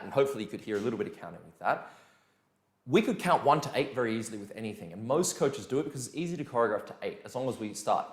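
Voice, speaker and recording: A man teaching a dance lesson in a casual, energetic way, counting beats aloud. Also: mid-range voice. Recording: echoey room with music behind.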